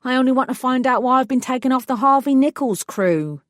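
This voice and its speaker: A woman's voice: high-pitched, a little fast, no room sound, studio quality, pitched above the performer's own voice, lightly acted. A woman voicing a whining man who pleads and insists on getting his way.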